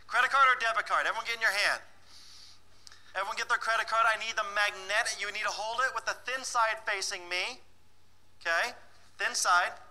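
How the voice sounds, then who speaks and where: A man presents a live financial workshop, playfully teasing and bossing the audience around and laughing often between remarks. His voice is high and sharp in tone, and the audio quality is poor.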